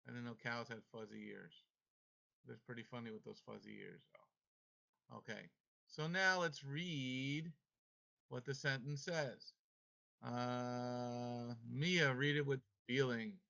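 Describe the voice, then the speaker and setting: A man's voice: medium pitch, steady tone, takes it slowly, creaky, pushed and bright. A man leading an online devotional class, emphatic and playful as he coaxes his students along. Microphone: video call. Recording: muffled video-call audio.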